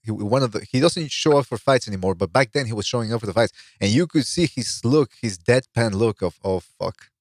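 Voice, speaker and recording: A man's voice: medium pitch, expressive, brisk, hardly any pauses, no echo. A man hosting a casual podcast, telling stories and building up to the punchline. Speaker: podcast host.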